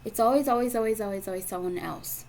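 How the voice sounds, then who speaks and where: A young woman delivers a tarot reading in a frank, profane, emphatic way, circling back to the same points again and again. Her voice sits at a middle pitch, with a faint hiss of noise behind it. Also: fast talker, a little mellow. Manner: blunt, profane, emphatic, with lots of repetition. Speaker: tarot reader.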